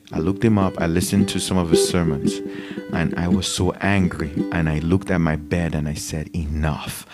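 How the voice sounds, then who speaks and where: A very deep-voiced male preacher delivering a fervent, unscripted sermon and prayer. Plucked guitar music plays clearly behind him throughout. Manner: impassioned, spontaneous, rising to shouts. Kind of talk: sermon with prayer and worship singing.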